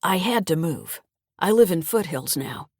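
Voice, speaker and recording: A sulky, sarcastic grown child with a grudge in a mystery audiobook, as a woman narrator voices the part. The tone runs low and dry, close to the mic. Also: animated, a little slow, a little mellow, breathy edge, no room sound. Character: sullen, bitter grown child. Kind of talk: audiobook character reading.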